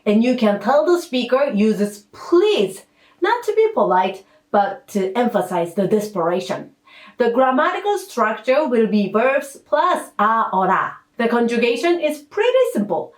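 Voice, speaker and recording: A woman teaching a language lesson in a clear, patient way, with playful asides. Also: on the high side, big pitch swings, moderate pace. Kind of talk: scripted lesson narration. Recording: roomy echo.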